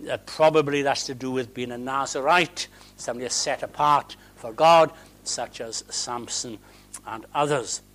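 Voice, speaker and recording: A man's voice: medium pitch, fairly even intonation, normal speed, fairly bright tone. A man preaching a sermon to a congregation, conversational and humorous, with theatrical asides.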